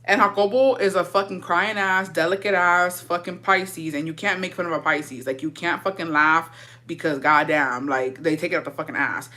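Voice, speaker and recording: A woman's voice: lowish voice, steady tone, moderate pace, pushed and bright. Blunt, profane woman telling a storytime. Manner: profane, blunt, switches between English and Spanish slang. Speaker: vlogger. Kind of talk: casual storytime chat.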